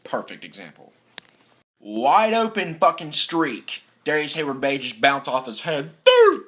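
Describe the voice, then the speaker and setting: Bright-voiced young man ranting about football. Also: mid-range voice, a little slow. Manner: animated, swearing, mimics players in quoted voices. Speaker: sports fan vlogger. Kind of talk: profane sports rant.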